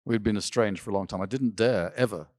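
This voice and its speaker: This older interviewee talks quickly in a lowish, slightly mellow voice, drifting through personal stories with some laughs and restarts. Recorded dry at studio quality on a symposium stage.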